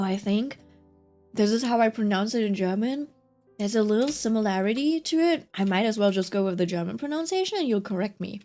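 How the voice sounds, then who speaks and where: A woman's voice: medium pitch, a little mellow. A young woman streamer chatting casually, telling a rambling story full of fillers and giggles.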